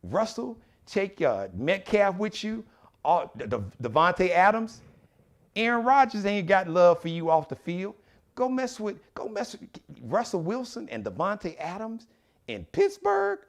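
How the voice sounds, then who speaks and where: Animated man hosting a live show. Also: high-pitched, measured pace. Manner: animated, preachy, acts out quoted voices. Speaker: show host.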